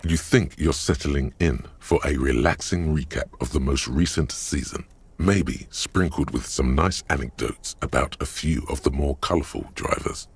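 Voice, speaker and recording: An actor voicing a wry male game narrator, telling the story in the second person with a measured, sardonic delivery. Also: very deep voice, breathy edge, exaggerated voice. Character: deep-voiced male narrator, dry and wry. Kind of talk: scripted voiced narration.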